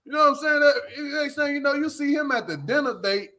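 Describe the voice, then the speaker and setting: Man, casual livestream host, high voice, bright tone, laughs a lot, loose slangy retelling. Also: expressive, fast. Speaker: show review livestream host.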